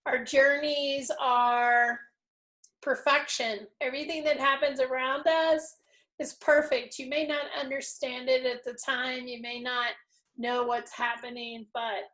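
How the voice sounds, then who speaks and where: A woman's voice: high-pitched, little pitch movement, unhurried, fairly bright tone. A middle-aged woman hosting a casual spiritual interview, effusive and openly emotional. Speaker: host.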